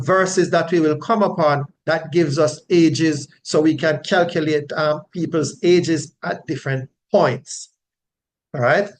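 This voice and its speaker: Male Bible teacher, unhurried and explanatory, slightly high-pitched, faint low rumble in the recording. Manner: unhurried, explanatory, frequent tag questions.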